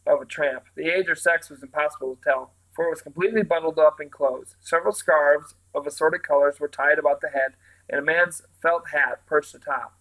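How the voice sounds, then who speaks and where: A man's voice: fairly high pitch, steady tone, fairly quick, pushed and bright, low-quality recording. Man reading a novel aloud. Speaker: reader.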